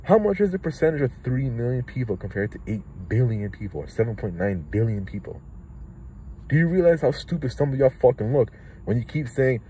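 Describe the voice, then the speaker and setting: A young man in his twenties with a Toronto accent rants straight to camera, his voice dark and mellow in tone. He is profane and heated and leaps between thoughts. Faint vehicle noise hums behind him. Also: mid-range voice, expressive, brisk, rough recording. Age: 20s. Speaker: rapper. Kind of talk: impassioned vlog rant.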